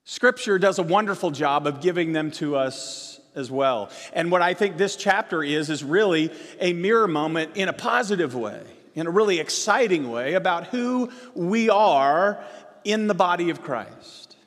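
A man with a high, light voice delivers a sermon as pastor. He swells on emphatic words, then falls back low and soft. His voice carries a long reverb from a large church hall. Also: animated, normal speed. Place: church sanctuary.

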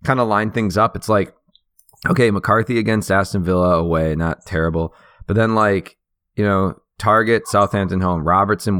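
The recording is studio quality with no room sound, carrying a man's low, fairly bright voice. He co-hosts a podcast, talking fantasy football casually and thinking through ideas aloud with many fillers.

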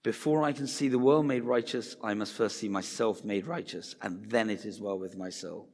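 A man's voice: fairly low pitch, moderate pace, darkish tone. A man preaching a sermon in a conversational way, acting out the voices he quotes. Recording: reverberant hall.

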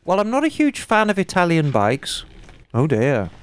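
A woman co-hosting a casual podcast, reading out a listener email with animated, emphatic asides. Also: fairly low pitch, moderate pace, a little hiss or hum. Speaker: podcast co-host.

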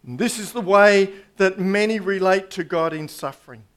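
A man preaching a sermon in a slow, emphatic way, pausing for effect and dropping his voice low on key points. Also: smooth. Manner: slow, emphatic preaching with dramatic pauses and drops to a hush.

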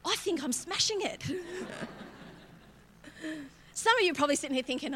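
Bright-voiced woman preaching. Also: sits high, animated, moderate pace, a little hiss or hum. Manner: candid, self-mocking, laughs often. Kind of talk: conversational sermon. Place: church auditorium.

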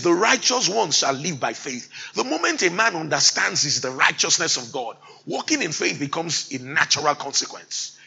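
Preacher, male, bright tense tone, builds to forceful emphatic sermon delivery. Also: fairly high pitch, vocal fry, slightly rough, poor audio. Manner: rising to loud emphatic exhortation, mimics timid believers.

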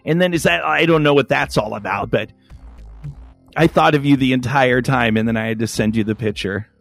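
Animated, foul-mouthed male podcast host. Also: mid-range voice, fairly quick, gravelly, no room sound, soft background music. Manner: animated storytelling, acts out voices, swears freely. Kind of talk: casual chat.

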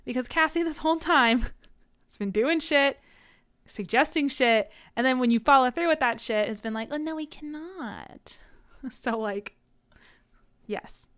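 A young woman co-hosting a podcast, chatting casually about a book, animated and laughing, swearing freely. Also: high voice, measured pace, smooth. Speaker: podcast co-host. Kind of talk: casual book discussion chat.

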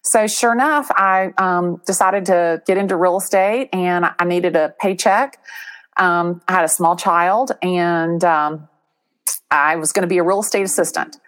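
Animated middle-aged woman telling stories. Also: lowish voice, unhurried. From Atlanta, USA. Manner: animated, acts out quoted voices, laughs often. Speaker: real estate agent, guest. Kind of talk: casual interview storytelling.

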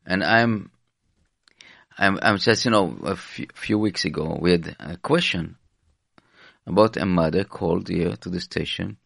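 A male radio host with a very low, gravelly voice that sounds dry and close. He talks haltingly, stumbling and restarting as he goes. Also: a bit bright, no room sound. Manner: halting, stumbles over words, laughs along. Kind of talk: casual radio talk.

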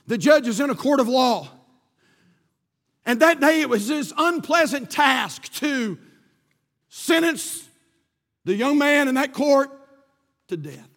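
A male preacher telling a story in a sermon, fervent and rising to shouts at an altar call, speaking in a church. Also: very high voice, expressive, slow, pauses often. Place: church sanctuary. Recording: long hall reverb.

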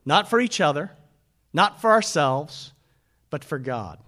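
A man preaching a sermon as pastor, animated and calling out to his congregation. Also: fairly high pitch, unhurried.

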